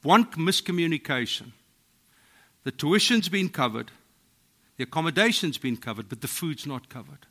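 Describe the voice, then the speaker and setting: A middle-aged South African man, a pastor preaching a sermon, telling stories in a voice that drops to a hush and then rises to loud exclaiming. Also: on the high side, expressive, normal speed, long pauses. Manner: storytelling, swings from hushed to exclaiming.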